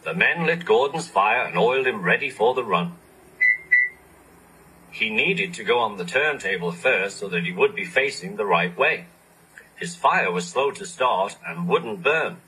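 A man reading a children's storybook aloud, expressive and animated. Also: on the low side, a little slow, slightly rough, rough recording. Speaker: narrator.

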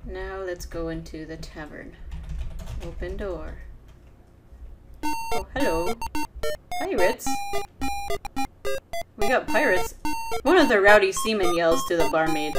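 A woman's voice: on the low side, expressive, slow, pauses often, loud music behind the voice. A woman casually commenting on an old adventure game as she plays and reads its text aloud. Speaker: let's play gamer. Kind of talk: casual let's play commentary.

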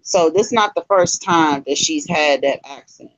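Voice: medium pitch, normal speed, a bit bright, muffled recording. A host of a live stream talking to viewers, chatty and emphatic, retelling stories and asking the audience to share. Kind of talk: casual commentary to a live audience.

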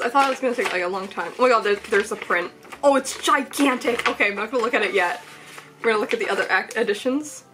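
A young woman chatting excitedly as she unboxes a package at home, rambling with lots of "like" and "um", filmed on a small tripod camera. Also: fairly high pitch. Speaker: vlogger. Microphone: camera on mini tripod.

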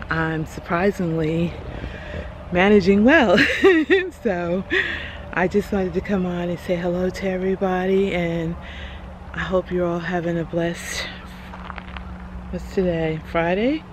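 A woman vlogging on a phone outdoors, soft-spoken and emotional, often saying y'all. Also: lowish voice, a little slow, long pauses. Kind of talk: casual video diary. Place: outdoors by a car and at a cemetery. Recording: outdoor noise with car sounds.

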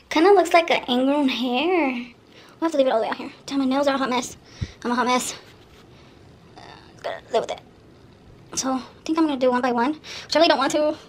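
A woman, vlogging to camera and talking to herself in an anxious, exclaiming way. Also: high-pitched. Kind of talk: nervous casual vlog to camera.

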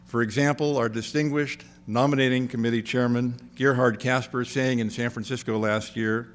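A man's voice: mid-range voice, fairly even intonation. Gracious older man giving a formal dinner speech. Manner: measured, gracious, dry humor.

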